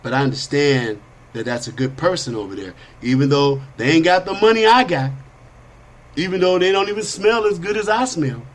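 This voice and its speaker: A man hosting a podcast, telling an animated parable in street slang, swinging between high whiny character voices and low asides. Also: normal speed. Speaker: podcast host. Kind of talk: storytelling monologue.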